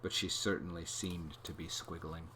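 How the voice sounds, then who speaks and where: A man reading a children's book aloud, telling the story in an expressive, animated way. His voice sits low but comes across bright and forceful. He hosts the reading. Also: normal speed, a little hiss or hum. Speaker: read-aloud host.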